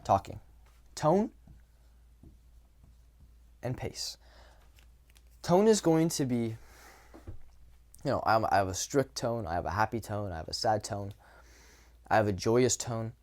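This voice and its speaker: A man's voice: lowish voice, animated, slow, long pauses, a little mellow. A young man coaching viewers on dating in a casual, blunt way, swearing now and then and acting out examples. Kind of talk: casual talking-head advice.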